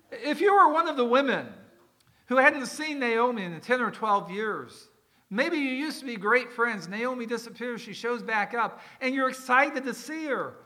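High, bright-voiced male preacher. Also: animated, moderate pace. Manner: conversational, explaining words with folksy asides. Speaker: pastor. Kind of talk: sermon.

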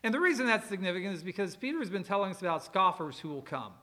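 A middle-aged male pastor preaching a sermon, explaining scripture with emphatic rises, soft asides and personal stories. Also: sits high, sing-song, very fast. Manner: expository preaching with Greek word study and personal stories.

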